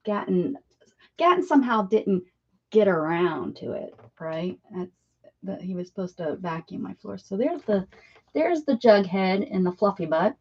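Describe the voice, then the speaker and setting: A woman's voice: medium pitch, lively intonation, a little slow. A woman chatting casually while crafting on a live stream, greeting viewers by name and talking to her pets. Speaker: crafting livestream host. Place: home craft room. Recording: dull lo-fi stream audio.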